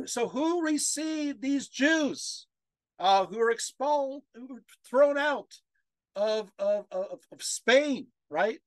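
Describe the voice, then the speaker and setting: A man's voice: extremely high pitch, animated, takes it slowly, dry recording. A man giving a history lecture over a video call, reading quotes aloud and getting choked up with emotion, with many fillers and rhetorical questions.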